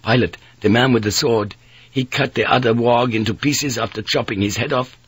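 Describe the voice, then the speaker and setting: A man voicing a frightened young sailor who has lost his teeth, with panicky, shrill outbursts. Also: moderate pace, fairly bright tone, husky, no room sound. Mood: horrified. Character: fearful young male sailor, toothless.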